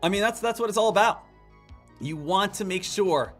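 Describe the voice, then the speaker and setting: Bright-voiced man hosting a trading stream. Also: high-pitched, normal speed, faint music behind. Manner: animated, lecturing, addresses the chat directly. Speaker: day trading livestream host. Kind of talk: live trading commentary.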